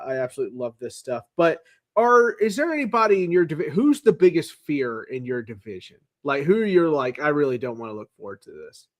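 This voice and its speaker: A man's voice: mid-range voice, no echo, studio quality. A man hosting a sports podcast, chatting casually with playful, joking banter. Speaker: podcast host.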